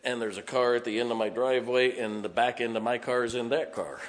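A man's voice: mid-range voice, steady tone, moderate pace. A middle-aged man pastor preaching a sermon, telling folksy stories and laughing often. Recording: reverberant hall.

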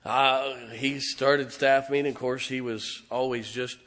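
A male pastor preaching a sermon, telling stories with emphatic, excitable delivery and calling out to his congregation. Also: medium pitch, unhurried. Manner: emphatic storytelling with audience call-outs.

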